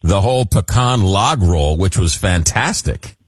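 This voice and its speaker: A man hosts a radio chat in a playful, upbeat way. His pitch moves a lot and his voice is a little husky. The sound is dry and close. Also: a little slow, no echo. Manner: playful and upbeat, with lively banter. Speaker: radio host. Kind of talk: casual radio interview.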